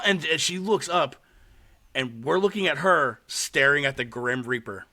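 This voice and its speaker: A man hosting a podcast, telling a story in casual chat with animated delivery and lots of swearing. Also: on the high side, moderate pace. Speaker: podcast host. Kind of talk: casual chat recapping a horror short.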